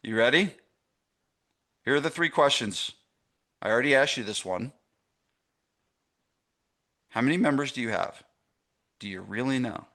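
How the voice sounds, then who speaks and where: A man's voice: medium pitch, measured pace, long pauses, pushed and bright. A middle-aged man teaching a live online masterclass for gym owners, stressing points and checking in with his audience. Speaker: gym business coach.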